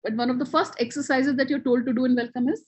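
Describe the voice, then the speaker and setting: High husky woman trainer. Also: steady tone, fast talker, rough recording. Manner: storytelling, mixes Hindi phrases. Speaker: network marketing trainer. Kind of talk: motivational training talk.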